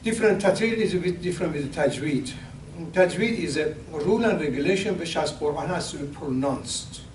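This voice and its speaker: An older man, an imam, gives a pre-sermon talk in an echoey hall, recorded from a distant mic with a faint hum. His fairly high voice is expressive, and he speaks haltingly, repeating words, restarting, and rising for emphasis.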